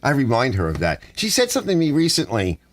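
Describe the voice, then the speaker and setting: Animated middle-aged man telling rambling stories. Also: medium pitch, fast. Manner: meandering, acts out dialogue, frequent restarts. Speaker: channel host. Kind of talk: rambling personal storytelling.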